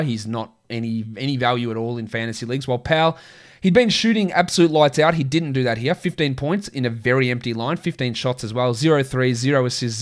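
A man with a crackly voice hosts a casual sports podcast at a middling pitch. He talks in a chatty, opinionated way and reels off numbers in quick lists. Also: smooth. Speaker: podcast host.

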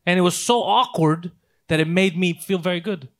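A man telling a long story in casual podcast chat, swearing often and acting out the people in it. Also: high-pitched. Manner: fast, profane, animated storytelling. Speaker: podcast host.

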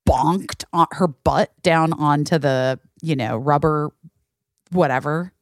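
A woman's voice: takes it slowly, dry recording, studio quality. A woman in her forties hosting a podcast, telling stories with lots of laughter, swearing freely and dropping into little voices. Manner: animated storyteller, doing high childlike voices for her nephew. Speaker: podcast host. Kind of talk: casual chat.

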